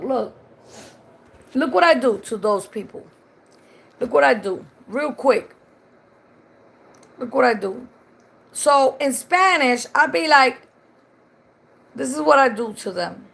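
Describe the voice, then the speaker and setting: A woman's voice: high-pitched, gravelly, fairly bright tone. A Puerto Rican woman chatting casually on a live stream. She swears freely and switches between English and Spanish mid-sentence. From Puerto Rico.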